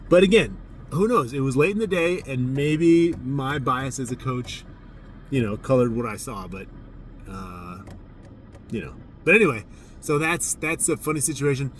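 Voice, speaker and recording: Recorded from afar with a little background noise, a medium-pitched man recalls a tournament in a casual way. He coaches judo, speaks frankly, mocks himself, and livens up when describing his outbursts.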